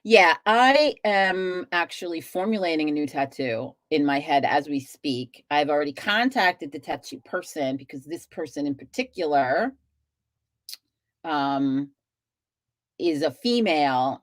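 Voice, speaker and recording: Gadatliwa kobieta o niskim głosie. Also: female voice, low-pitched, a bit bright, dry recording, clean studio sound. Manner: chatty, swears freely, rambles with restarts. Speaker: live-stream host. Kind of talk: casual chat with viewers.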